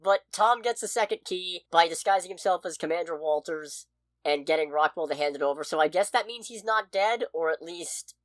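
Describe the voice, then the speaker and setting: A woman co-hosting a podcast, reviewing a movie in casual chat, expressive and swearing freely. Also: on the low side, a little fast, no room sound. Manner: expressive, swears freely, loud outbursts of frustration. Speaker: podcast co-host.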